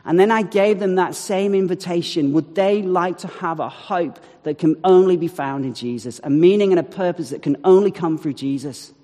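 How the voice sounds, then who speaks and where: A man telling a personal faith story to an audience, animated, with acted-out quotes and wry asides. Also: sits high, moderate pace, few pauses. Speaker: speaker telling a testimony. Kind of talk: storytelling talk. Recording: long hall reverb.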